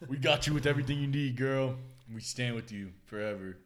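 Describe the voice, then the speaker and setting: A man's voice: mid-range voice, a little fast, a little hiss or hum. A young man co-hosting a podcast, joking around in slangy casual chat and laughing often. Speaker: podcast co-host.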